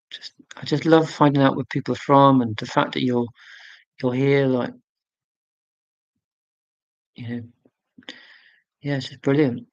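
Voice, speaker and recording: A British man in his forties hosts a casual livestream, rambling chattily as he answers viewer comments with fillers and self-corrections. His medium-pitched voice is slow and fairly flat, with long pauses, and the audio is dull with no echo.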